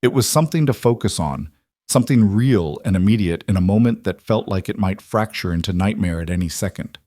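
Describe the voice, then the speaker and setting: A man with a low-pitched voice telling a dramatic story in a measured, emotive way. His voice-over is close and dry, with no room sound. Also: expressive, dark tone, dry recording. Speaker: narrator. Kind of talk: scripted dramatic narration.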